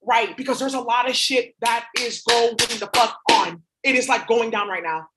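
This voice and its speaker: A woman hosting her spiritual-reading channel, ranting casually to camera in a profane, rambling, excitable way. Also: on the high side, moderate pace, loud music behind the voice, low-quality recording. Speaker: spiritual reader and channel host.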